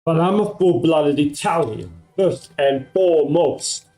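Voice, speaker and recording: Aussie-born streamer guy w/ american-ish accent, rambles on, mellow kinda higher voice, faint music under it. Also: lively intonation, unhurried, low-quality recording. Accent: American-sounding. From Australia. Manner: rambling, many fillers. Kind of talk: casual live-stream chat. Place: home at night.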